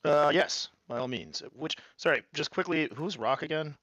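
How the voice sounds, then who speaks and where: A man playing in a tabletop game, speaking casually and courteously in a bright, forceful voice. The sound is close and dry. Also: a little high, moderate pace, dry recording. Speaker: player.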